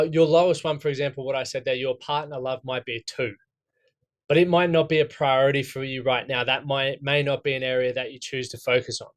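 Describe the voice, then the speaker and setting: A man's voice: medium pitch, a bit bright. An Australian man coaching a room of men through goal setting. He talks plainly and bluntly and drops the odd swear word. He keeps asking "right?" to check the group is with him. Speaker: coach running a men's goal-setting workshop. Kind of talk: casual workshop talk.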